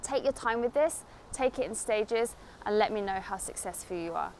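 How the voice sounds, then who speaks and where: A woman with a South East England estuary London accent, giving a spoken English lesson to camera in a clear, deliberate teaching manner. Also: medium pitch, animated, a little mellow, a little hiss or hum. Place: outdoors in a city.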